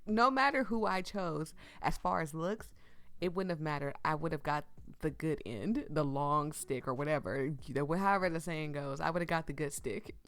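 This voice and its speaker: A woman's voice: low voice, moderate pace, fairly bright tone. A woman from California reading a story game aloud and chatting about the characters, giggling as she goes. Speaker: let's play streamer.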